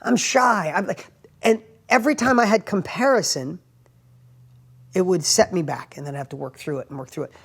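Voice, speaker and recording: A man speaks in a casual motivational talk, telling stories in simple everyday language. His delivery is animated and emphatic, climbing into excited bursts and then dropping to quiet, confiding asides, with a habit of checking in with "right?". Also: high voice, a little fast, creaky, breathy edge. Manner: plain everyday wording, frequent "right?" tags. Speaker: motivational speaker and entrepreneur host.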